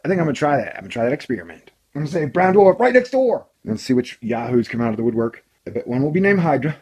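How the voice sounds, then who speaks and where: A man hosting a casual commentary video, reading an article aloud with sarcastic, rambling, jokey asides. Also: medium pitch. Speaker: video host.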